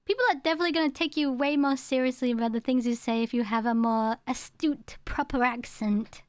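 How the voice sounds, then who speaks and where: A woman's voice: sits high, fairly quick, smooth, dry recording. A young woman, chatting casually with her stream chat, rambling and laughing as she goes. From England.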